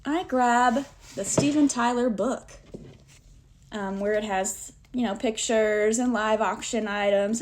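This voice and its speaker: Animated woman telling a story to camera. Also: on the high side, unhurried. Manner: animated, self-deprecating, acts out dialogue. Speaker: vlogger telling a personal story.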